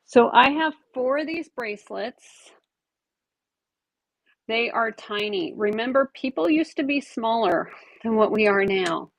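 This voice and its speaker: Chatty woman selling stuff on a live stream, gravelly voice, dry close sound. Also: medium pitch, no room sound, low-quality recording. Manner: chatty, describes items while handling them. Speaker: online jewelry seller running a live auction.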